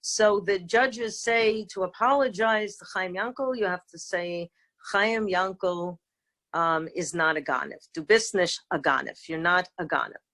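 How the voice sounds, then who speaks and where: A middle-aged woman teaching an informal online lesson over a video call, talking in a halting way with many fillers and restarts. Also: on the low side, a bit bright. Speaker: rabbanit teaching a seder talk. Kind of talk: informal virtual lecture.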